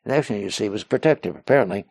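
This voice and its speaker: A man's voice: fairly low pitch, expressive, very fast, gravelly, darkish tone, breathy edge, no room sound. A man recounting a personal story in an interview, rambling with many restarts and fillers and acting out what others said. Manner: acts out other people's words in quotes. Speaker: interview guest.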